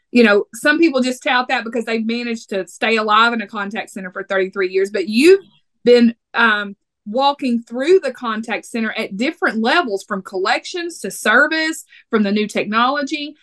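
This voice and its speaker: A chatty woman with a Texas accent hosts a podcast, teasing her guest in a playful way. Her voice sits high. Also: fairly bright tone. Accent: Texan. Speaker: podcast host. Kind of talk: casual podcast chat.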